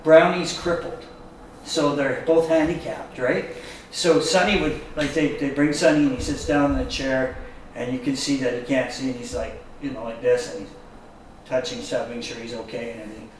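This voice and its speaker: Animated storytelling man in an echoey room. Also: medium pitch, normal speed, a little hiss or hum. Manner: animated storyteller who acts out quotes. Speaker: guest musician. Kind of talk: casual storytelling chat. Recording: echoey room picked up from a distance.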